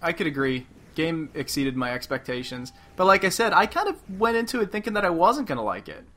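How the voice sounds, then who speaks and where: A man hosting a podcast with a bright, forceful voice. He is chatty and laughs often as he talks. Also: fairly high pitch, very animated, a little fast. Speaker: podcast host. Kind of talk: casual chat.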